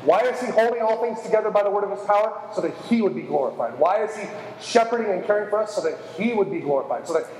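High-voiced man preaching in an echoing hall. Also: animated, quick pace, hardly any pauses, a little mellow, a little hiss or hum. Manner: earnest, emphatic repetition, self-deprecating asides. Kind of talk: sermon. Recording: reverberant hall.

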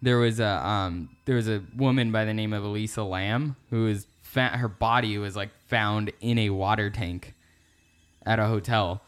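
Chill low-pitched guy on a podcast, easygoing, just chatting. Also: steady tone, moderate pace, a little hiss or hum. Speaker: podcast co-host. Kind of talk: casual chat.

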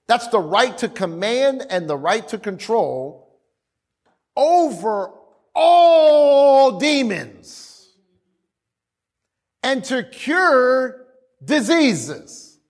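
Animated high-voiced male preacher. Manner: animated, conversational, laughing asides. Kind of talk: sermon.

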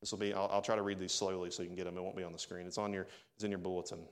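A man's voice: deep voice, little pitch movement, very fast. Male pastor giving a sermon, chatty, talks right to the church. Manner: conversational, addresses the congregation directly.

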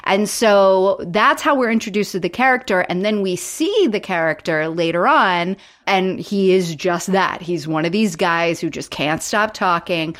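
A woman co-hosting a podcast, recapping a sitcom episode in a relaxed way. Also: fairly low pitch, measured pace, hardly any pauses. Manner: conversational, recaps plots in detail. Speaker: podcast co-host. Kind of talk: casual chat.

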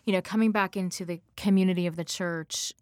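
A woman hosting a radio talk show, interviewing a guest with gentle, affirming remarks. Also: lowish voice, fairly even intonation, fast, no echo, studio quality.

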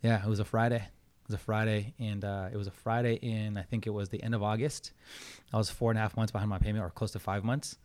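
A fast-talking man tells a personal story in a casual interview, acting out what people said and dropping "bro" and "man" often. His voice sits fairly low. He keeps the talk loose and full of swearing. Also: clear, resonant tone. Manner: animated storyteller, acts out quotes, swears, says "bro" and "man". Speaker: podcast guest.

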